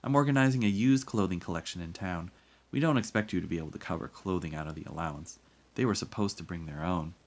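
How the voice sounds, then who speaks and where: A man voicing a brisk, stern upper-class woman who organizes and commands. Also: low voice. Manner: crisp, commanding.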